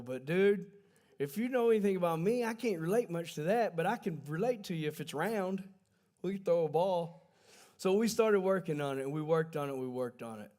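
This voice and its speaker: Folksy preacher, on the high side. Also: male voice, a little mellow. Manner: folksy, conversational storytelling with self-corrections. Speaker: pastor. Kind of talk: sermon. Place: church livestream.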